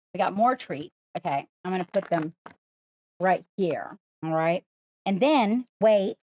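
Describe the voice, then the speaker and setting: A woman's voice: medium pitch, a little mellow. A woman hosting a live stream, coaxing and praising her pet in playful sing-song talk. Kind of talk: live-streamed casual chat.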